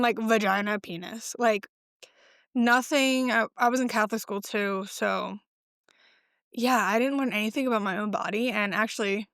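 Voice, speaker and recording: A woman's voice: on the high side, a bit bright, no echo, studio quality. Chatty swearing woman in her twenties. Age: 20s. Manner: chatty, swears often, many "like" fillers. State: pregnant. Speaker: podcast host. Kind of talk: casual solo chat.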